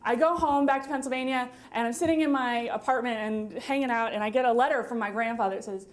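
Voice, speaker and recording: A woman in her twenties telling a wry, funny story live on stage at a story slam, with quick asides and laughter. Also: fairly high pitch, a little hiss or hum. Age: 20s.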